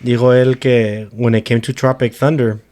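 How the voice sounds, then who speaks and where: A man's voice: medium pitch, little pitch movement, normal speed, a little mellow. A man co-hosting a casual talk show, chatting loosely and swinging between English and Spanish with plenty of swearing. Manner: switches between English and Spanish mid-sentence, swearing freely. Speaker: podcast co-host. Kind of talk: casual chat.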